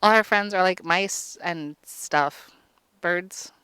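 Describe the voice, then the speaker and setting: A woman's voice: lowish voice, slow pace, sharp tone, clear, resonant tone, no room sound. A woman vlogger giving a casual comic movie recap, crude and rambling with lots of fillers.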